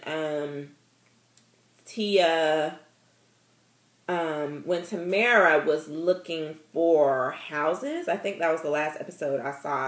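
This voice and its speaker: A woman gives casual, sassy commentary on reality TV, full of playful asides. Her pitch swings freely and keeps her delivery lively. The recording has a noticeable echo from the room. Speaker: vlogger.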